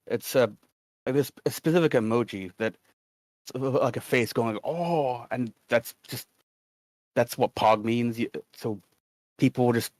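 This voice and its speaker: A man's voice: medium pitch, a little mellow, no room sound. A man co-hosting a livestream in casual chat, rambling and reading chat messages aloud. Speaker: stream co-host.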